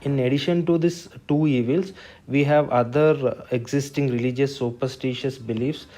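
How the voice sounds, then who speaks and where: A man with an Indian English accent gives a spoken lesson and reviews a written exam answer point by point. His voice sits at an ordinary middle pitch. He talks in a measured, explanatory way, stopping for fillers and restarting phrases. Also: steady tone, mellow.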